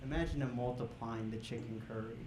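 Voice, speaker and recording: A man's voice: medium pitch, steady tone, fairly quick. Man doing stand-up, echoey club. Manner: loose, conversational, breaks into laughter and shouted bursts at the crowd. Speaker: stand-up comedian. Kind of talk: stand-up comedy set. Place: comedy club stage. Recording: echoey club room with crowd noise.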